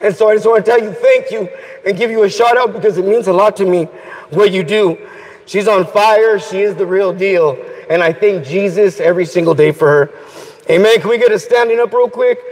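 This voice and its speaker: A man giving an energetic Catholic faith talk, leading prayers and call-and-response chants and urging the crowd to cheer along. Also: high voice, brisk. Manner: rallying, exhorts the crowd to cheer and repeat. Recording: long reverb from a large hall.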